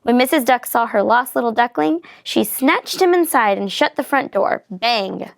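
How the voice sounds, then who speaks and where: A woman reads a children's picture book aloud with expressive, lively storytelling. Her voice sits fairly high and has a gravelly edge. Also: normal speed. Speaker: reader.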